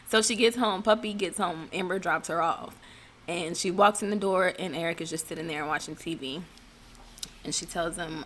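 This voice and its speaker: A woman's voice: on the low side, a bit bright, a little hiss or hum. A woman casually recapping a reality TV episode in a chatty way, dropping sarcastic asides.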